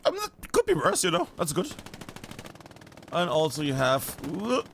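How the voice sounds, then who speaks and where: A man's voice: high voice, normal speed, creaky, a little hiss or hum. A man from northern Bavaria, a German speaker, giving chatty live commentary on a team shooter match as caster. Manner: chatty, animated, swears casually. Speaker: esports caster.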